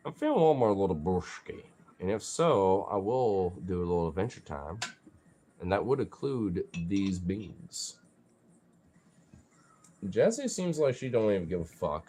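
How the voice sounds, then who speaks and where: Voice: low-pitched, very animated, unhurried, mellow, slight background noise. A vlogger talking casually, rambling with lots of fillers and playfully teasing and cursing at their pets. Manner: rambling, full of "you know" and "like". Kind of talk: casual vlog chat.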